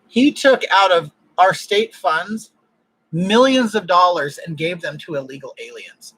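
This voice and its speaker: High-voiced husky man ranting. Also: a bit bright, dry recording, low-quality recording. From California. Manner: ranting, blunt, opinionated. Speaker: livestream host. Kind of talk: casual livestream chat.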